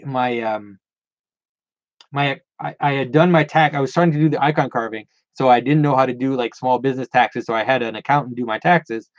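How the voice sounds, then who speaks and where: A man hosts a casual livestream Q&A, answering viewer questions as the channel host. He rambles, often restarting and repeating words. His voice is on the high side, and the recording is dry with the highs cut off.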